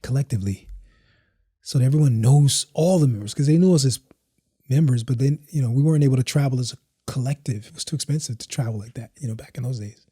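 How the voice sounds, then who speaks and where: A man's voice: mid-range voice, quick pace, warm tone, husky, no room sound, clean studio sound. A man, a house dancer guesting on a podcast, telling his story in a laid-back, slangy, rambling way and acting out what his friends said.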